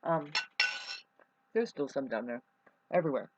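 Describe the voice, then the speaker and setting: A woman's voice: very deep voice, sing-song, moderate pace, background noise. A woman vlogger rambling in a casual monologue. She swears freely, restarts her sentences often and eats while she talks. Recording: muffled lo-fi recording.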